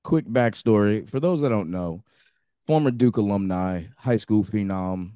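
A man co-hosting a podcast in casual chat, animated and quick to laugh. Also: on the low side, no echo. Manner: animated, laughs often, jumps in. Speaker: podcast co-host.

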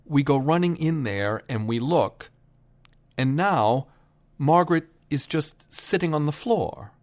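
A man telling a personal family story to listeners, unhurried, pausing for effect, and raising his voice for quoted shouts. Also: on the high side, lively intonation. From Boston area.

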